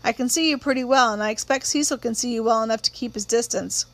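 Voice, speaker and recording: A woman reading aloud and voicing a calm, protective older boy who talks in a low-key, unhurried way. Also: close to an everyday voice. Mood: quiet.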